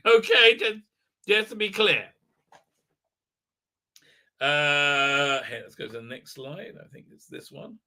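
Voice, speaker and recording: A man's voice: high-pitched, bright, forceful tone. A man hosting a live stream, recapping an episode in a sarcastic, rambling way with many fillers. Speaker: host.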